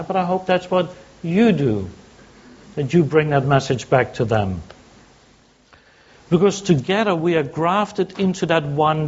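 A man's voice: on the high side, highs cut off. A man preaching a sermon, teaching by asking questions and answering them himself. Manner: teaching, asks and answers his own questions.

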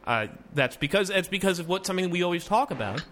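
Casual talk from a man with a fairly high voice, host of a tech podcast, reading the news in an easygoing way and breaking off for asides. There is a clear hiss of noise under his voice. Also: expressive, quick pace. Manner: reads news items with loose asides, restarts and fillers.

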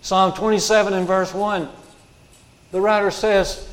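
A man's voice: high voice, level tone, measured pace, long pauses. A man preaching a sermon as pastor, emphatic and repeating his key lines for weight. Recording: long hall reverb.

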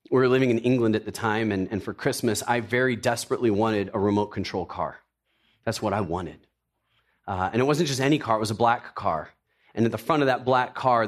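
A middle-aged man preaching a sermon, telling personal stories with jokey asides in an animated way. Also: lowish voice. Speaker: pastor.

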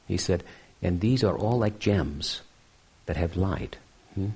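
A man with a deep, husky voice lectures on sacred texts. He speaks reflectively and keeps checking in with his listeners with a questioning "hmm?". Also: animated, slow pace, dark tone. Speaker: spiritual teacher. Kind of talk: scripture lecture.

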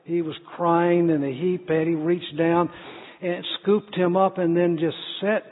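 A man's voice: high voice, little pitch movement, measured pace. Earnest male preacher, tinny hall sound. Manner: earnest storytelling with restarts. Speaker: pastor. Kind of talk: sermon.

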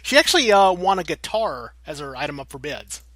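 A man co-hosting a podcast, chatting casually and laughing a lot as he banters with his partner. His voice is high and bright. The sound is dry and close, with no room echo. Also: very animated, fairly quick. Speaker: podcast co-host. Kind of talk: casual chat.

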